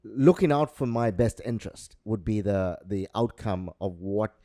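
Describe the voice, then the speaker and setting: A man co-hosting a podcast, telling a long story in a rambling, halting way. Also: lowish voice, expressive, mellow, dry recording. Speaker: podcast co-host. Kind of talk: casual chat.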